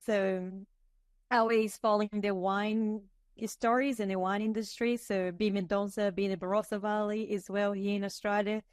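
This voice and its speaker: A woman in her thirties from Brazil, a native Portuguese speaker with a Brazilian accent, chatting as a guest with halting, non-native English. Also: medium pitch, little pitch movement, no echo, clean studio sound. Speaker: guest wine expert. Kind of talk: casual interview chat.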